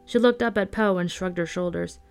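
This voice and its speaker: A woman reading a novel aloud in a calm, even storytelling manner. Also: on the low side, fairly quick, faint music behind. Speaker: audiobook reader.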